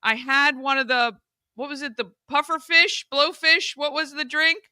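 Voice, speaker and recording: A woman's voice: sits high, steady tone, moderate pace, bright, forceful tone, dry recording. A woman hosting a live morning show, chatting in an effusive, bubbly way. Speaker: host.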